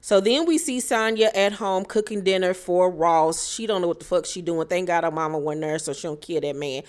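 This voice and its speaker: A woman's voice: on the low side, fairly quick, a little mellow. Blunt, gossipy woman recapping reality TV. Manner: blunt, profane, gossipy with frequent laughs. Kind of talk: casual episode recap commentary.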